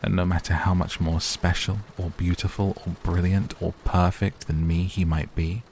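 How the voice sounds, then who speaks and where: A man reading a bedtime story in a slow, soothing, even way. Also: low-pitched, a little hiss or hum. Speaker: narrator. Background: faint rain.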